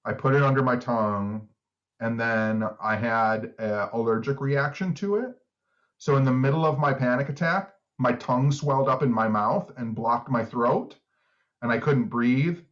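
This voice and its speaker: A middle-aged podcast co-host chats casually at a medium pitch and moderate pace, rambling through stories packed with filler words, especially "like." The sound is lo-fi and slightly dull.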